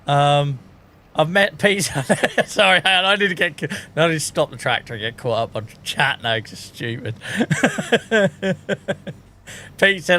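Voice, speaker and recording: Bright-voiced British man ranting, laughing. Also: a little high, expressive, unhurried, pauses often. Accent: British English. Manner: laughs often at his own jokes, ranting. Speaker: gaming streamer. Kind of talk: casual live-stream chat.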